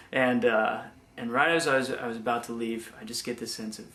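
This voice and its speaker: A young man giving a personal faith testimony, speaking haltingly with many restarts and repeated words. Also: mid-range voice, fairly even intonation, bright, forceful tone, reverberant. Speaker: former missionary giving testimony.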